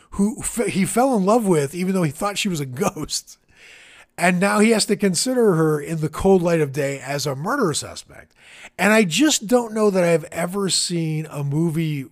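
A man on a podcast, casually retelling a film's plot with lively energy and lots of "like". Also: on the high side. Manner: animated storyteller, acts out quoted lines, frequent "like". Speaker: podcast co-host. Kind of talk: casual film discussion.

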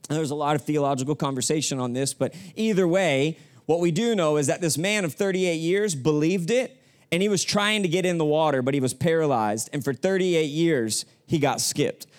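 A man's voice: on the high side, moderate pace, clear, resonant tone. A young male pastor preaching a sermon in a church sanctuary. He talks casually and with slang, and prompts the congregation to repeat phrases back to him.

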